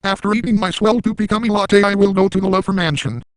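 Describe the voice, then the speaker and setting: A man's voice: sits high, fairly even intonation, fast talker, clear, resonant tone, no echo, lightly acted, rough recording. A man voicing a crude, manic cartoon dad in an absurd parody monologue, ranting and making repeated sound-effect noises.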